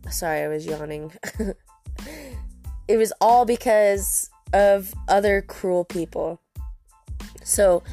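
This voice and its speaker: Slow-talking podcast host woman. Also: mid-range voice, a little mellow. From Colorado, USA. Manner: candid, frequent fillers, drawn-out. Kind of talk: casual monologue.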